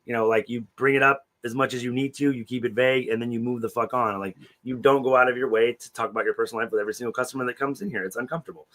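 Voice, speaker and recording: A man's voice: mid-range voice, steady tone, very fast, few pauses, fairly bright tone. A man co-hosting a podcast, talking in a loose, ranting way and swearing a lot. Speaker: podcast co-host. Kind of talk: casual profane chat.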